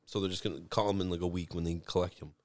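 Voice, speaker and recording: A man's voice: deep voice, rapid-fire, no echo. A man in casual chat, telling a story animatedly, swearing often and acting out the people in it. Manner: animated storyteller, swears a lot, acts out voices.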